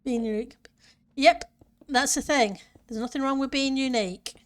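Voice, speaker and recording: A woman's voice: sits high, normal speed. A woman streamer chatting casually with her viewers and answering chat while she plays a building game. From northern part of her country.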